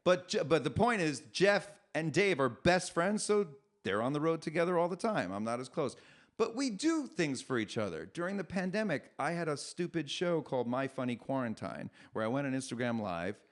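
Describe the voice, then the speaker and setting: A middle-aged man, a comedian, talking as a podcast guest, with animated, self-deprecating storytelling. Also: fairly high pitch, moderate pace. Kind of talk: podcast conversation.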